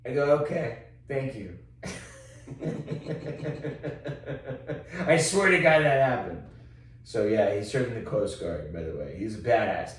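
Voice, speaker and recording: A man from Texas telling a bar story in casual, profane podcast chat, getting loud when he quotes himself. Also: medium pitch, animated, takes it slowly, long pauses. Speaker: podcast co-host. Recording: roomy echo, distant mic.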